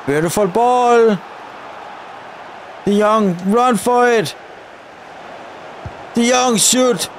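A young man giving live commentary over a football video game, shouting at the referee in frustrated outbursts. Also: very high-pitched, drawn-out words, pauses often, slight background noise. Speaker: gaming YouTuber.

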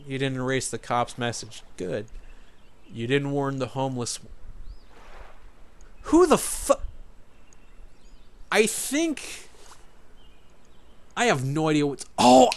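A man's voice: high voice, normal speed, pauses often. A man commenting on a story game as a let's-play host, ranting with irritation and frequent swearing. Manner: animated, swears often, irritated rants.

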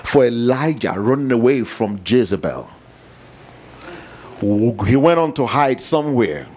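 A man preaching a sermon with repetition and emphasis, dropping to hushed tones and rising to near shouts. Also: medium pitch, very animated, a little slow.

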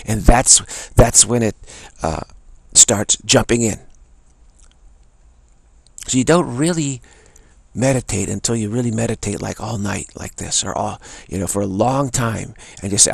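Low gravelly man giving a spiritual talk. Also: measured pace, dry recording. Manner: earnest, repetitive, chants mantra softly. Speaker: spiritual teacher. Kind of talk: spoken teaching talk.

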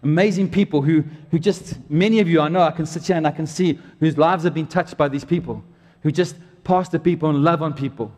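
Man, pastor, casual jokey sermon, fairly high voice, long church reverb. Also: a little fast. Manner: conversational, jokey preaching with animated outbursts. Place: church auditorium.

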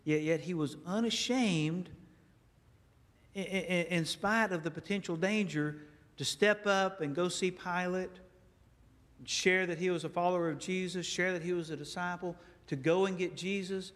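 A man preaching a sermon as a guest speaker, telling stories in a lively way and acting out dialogue in a church. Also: sits high, normal speed. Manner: animated storytelling, acts out dialogue. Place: church sanctuary. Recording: echoey church hall.

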